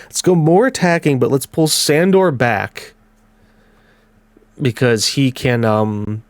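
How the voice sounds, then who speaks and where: A man with a blocked nose giving casual let's-play commentary on a football management game, calling the match in quick bursts. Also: medium pitch, smooth, no room sound. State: congested. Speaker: gaming commentator.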